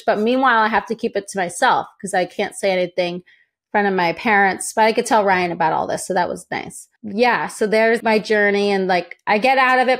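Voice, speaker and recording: A young woman from the United States, a guest telling her own story in a chatty, lively way and acting out quoted voices. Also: mid-range voice. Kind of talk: casual interview storytelling.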